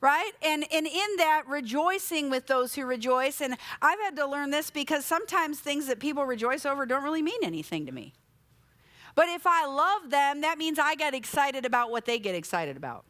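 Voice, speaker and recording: A woman's voice: sits high, expressive, moderate pace, a bit bright, no echo. A middle-aged woman preaching a sermon in a conversational way, asking rhetorical questions and telling personal stories. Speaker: pastor. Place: church sanctuary.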